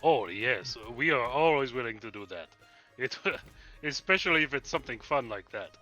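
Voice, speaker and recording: Bright-voiced friendly adventurer, played by a man. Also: medium pitch, expressive, moderate pace, faint music behind. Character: friendly adventurer introducing his party. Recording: dull lo-fi mic.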